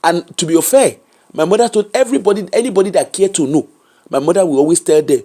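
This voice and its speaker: A woman with a Nigerian accent, an interview guest telling a personal story candidly, animated and emphatic, slipping Pidgin and Yoruba into her English. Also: fairly low pitch, fast talker.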